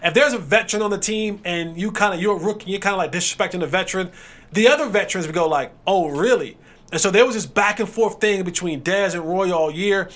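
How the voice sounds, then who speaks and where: A man hosting a podcast, talking casually and telling his own anecdotes in a relaxed, conversational way. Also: high voice, fast talker. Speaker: podcast host, former football player. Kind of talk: casual chat.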